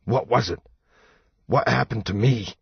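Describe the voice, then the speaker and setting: A weak, unwell young man pleads urgently, as a male narrator voices him, his husky voice low and slow. The audiobook recording is dull and dry. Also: dry recording, heavily acted. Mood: pleading. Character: sick, desperate young man pleading at a door.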